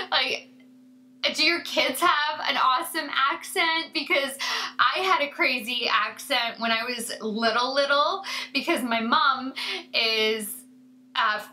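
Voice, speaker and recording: A woman's voice: on the high side, bright, forceful tone, poor audio. A woman beauty vlogger chatting casually to her viewers in a rambling way, with many fillers and asides. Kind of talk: casual chat to camera.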